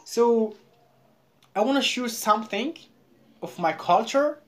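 A Moroccan woman with a Moroccan accent, chatting over a video call in halting English that she repeats as she goes. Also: fairly high pitch, animated. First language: Moroccan Arabic. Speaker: vlogger. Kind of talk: casual video call chat.

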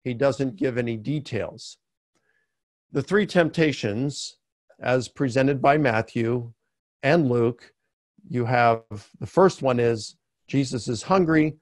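Slow, deliberate male lecturer. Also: mid-range voice, no echo, studio quality. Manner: slow, deliberate explanation with emphatic rises on key words. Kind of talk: academic webinar lecture.

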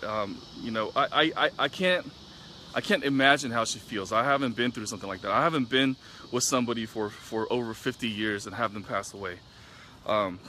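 A man's voice: medium pitch, bright, forceful tone, slight background noise. A male physician telling a patient story in an earnest, reflective way, retelling the dialogue at length. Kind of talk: personal storytelling to camera.

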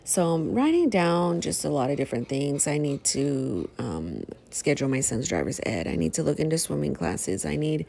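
A middle-aged woman, chatting casually to her viewers while planning, rambling and expressive. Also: sits low, normal speed, vocal fry, few pauses. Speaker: planner vlogger. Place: home.

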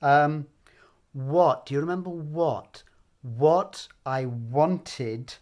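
A man's voice: on the high side, drawn-out words, a little mellow. A man hosting a casual language lesson, upbeat and encouraging, with frequent ums. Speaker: language teacher and host.

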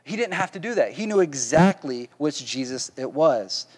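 Male pastor, sermon delivery, a bit high-pitched, restarts and repeats, keeps asking "right?". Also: expressive, moderate pace, husky.

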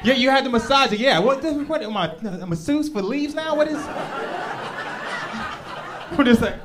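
A man's voice: very high-pitched, normal speed, noisy background. A man in his thirties doing a profane, punchy stand-up set on a club stage. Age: 30s. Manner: animated, profane, punchy storytelling. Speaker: stand-up comedian. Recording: live club show with crowd laughter. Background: audience laughter.

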